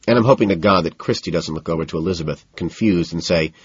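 A man narrating a novel in the first person with a flat, detached, matter-of-fact delivery, in a slightly muffled recording. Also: deep voice, fast talker, few pauses, husky, no echo. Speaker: audiobook narrator.

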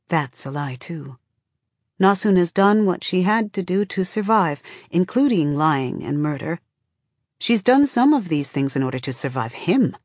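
A woman narrating an audiobook in a measured, close storytelling voice. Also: on the low side, expressive, a little mellow, no room sound. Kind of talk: scripted narration.

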